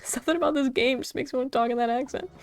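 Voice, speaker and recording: A woman's voice: sits high, very fast. A woman streaming a game, thinking aloud in a chatty way and swearing freely as she plays. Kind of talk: live gameplay commentary. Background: game music.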